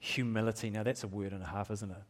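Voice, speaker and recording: A man's voice: fairly low pitch, fairly even intonation, fast talker. Candid, chuckling man preaching a sermon. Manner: candid, self-deprecating, laughs often, many restarts. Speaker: pastor.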